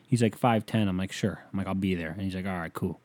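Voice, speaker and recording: Young dude ranting on his podcast, swears a ton, rambles, yells woo sometimes. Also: low voice, fast. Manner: profane, rambling, bursts into loud whoops. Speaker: podcast host. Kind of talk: casual solo podcast rant.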